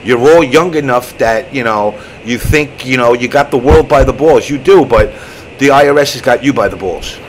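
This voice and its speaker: A man's voice: mid-range voice, normal speed, slight background noise, rough recording. Man telling stories with heavy profanity. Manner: profane, animated storytelling. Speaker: show host. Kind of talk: casual chat.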